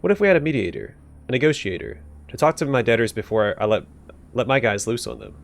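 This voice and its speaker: A man plays a swaggering old thief-turned-loan-shark character in a video game, his breezy slang giving way to threats. The fast-talking performance sits a little higher than his own voice, lively with a gravelly edge.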